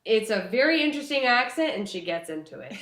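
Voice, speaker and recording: A woman's voice: a little high, big pitch swings, fairly quick, a bit bright. A young woman from Texas co-hosting a casual podcast chat, laid-back and joking, often laughing. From Texas, USA. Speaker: podcast co-host. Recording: echoey room.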